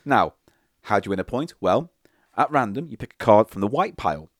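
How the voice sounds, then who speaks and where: A man's voice: lowish voice, very animated, a little fast, no echo, studio quality. A young man chatting casually and explaining a party game's rules, rambling and swearing with jokes.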